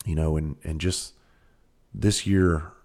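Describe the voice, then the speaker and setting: Deep-voiced Southern country man. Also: steady tone, slow pace, darkish tone. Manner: blunt and profane, with rhetorical questions. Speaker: podcast host. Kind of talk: motivational podcast monologue.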